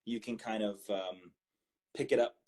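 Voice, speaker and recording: A man chatting casually as a guest on a phone live stream, relaxed, explaining things for viewers with many fillers. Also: on the low side, measured pace.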